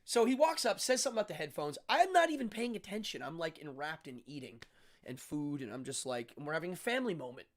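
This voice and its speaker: A middle-aged man hosting a livestream, chatting casually with viewers and telling a story in an animated way, acting out the lines of the people in it. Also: a little high, fast. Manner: animated storytelling, acts out dialogue, frequent restarts. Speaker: livestream host. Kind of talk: casual chat with live viewers.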